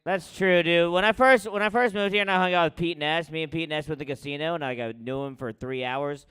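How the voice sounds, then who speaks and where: A man's voice: on the high side, a little fast, clean tone. Rambling young man telling crude stories. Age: young adult. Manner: rambling, crude, self-mocking, swings loud and quiet. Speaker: stand-up comic. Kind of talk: loose stand-up storytelling.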